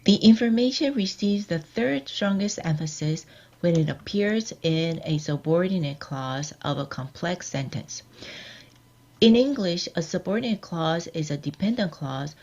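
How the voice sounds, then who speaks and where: Woman, workshop lecturer, measured explanatory delivery, lowish voice, muffled webinar recording. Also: expressive, darkish tone. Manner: measured, explanatory, quizzing the audience. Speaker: workshop lecturer on journal editing. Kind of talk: scripted lecture with slides.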